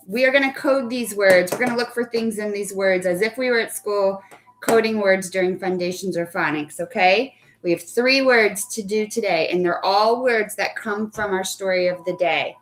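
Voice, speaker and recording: With a fairly high, slightly bright voice, a young woman teaching phonics online in a live class patiently commends each child by name and carefully spells words out. A little hiss or hum can be heard.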